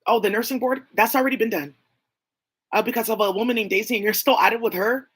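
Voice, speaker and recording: A woman's voice: a little high, fast talker, slightly rough. A woman talking in a rambling, profane monologue, leaping from name to name and claim to claim. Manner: rambling, profane, jumping between names and claims.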